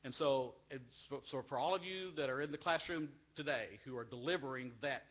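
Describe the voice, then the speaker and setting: A man's voice: medium pitch, fairly quick. Earnest guy speechifying at a live event, gets emotional, repeats stuff for emphasis, kinda dull webcast sound. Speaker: agricultural education association leader giving a speech. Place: university event hall with a live audience.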